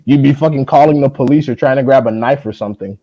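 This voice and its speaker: A man's voice: normal speed, warm tone, poor audio. Profane young man ranting on a stream. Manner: profane, mocking, mimics others in high voices. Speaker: boxing stream host. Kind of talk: heated casual live-stream rant.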